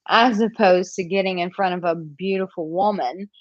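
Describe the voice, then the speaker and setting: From her home in Portugal, an American dating coach for men answers questions on a live stream, chatting casually with plenty of fillers. She speaks at normal speed in a lowish voice, and the lo-fi sound has no room echo.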